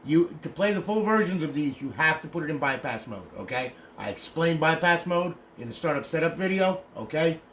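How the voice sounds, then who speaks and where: A man's voice: fairly high pitch, lively intonation, brisk, few pauses, a bit bright, a little hiss or hum. Blunt, ranting man on a livestream. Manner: blunt, ranting, ends phrases with "okay?"; swears casually. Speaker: console modder and seller. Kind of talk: casual livestream demonstration.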